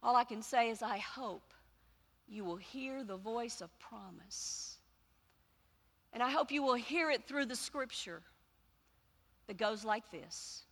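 A woman pastor preaching a sermon, telling a story with pauses and building to loud, emphatic repetitions. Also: fairly high pitch, big-room sound.

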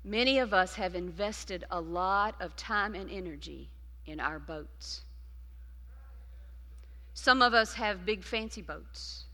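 A woman preacher delivering a sermon, swinging between loud emphasis and hushed, intimate passages. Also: mid-range voice, slow. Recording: long reverb of a large hall.

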